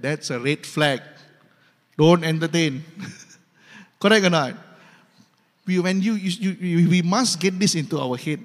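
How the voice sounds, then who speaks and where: A male pastor with a Malaysian English accent preaches emphatically, repeating his points with humor. His voice sits high, and a long hall reverb follows each phrase. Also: moderate pace, pauses often, fairly bright tone. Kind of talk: sermon.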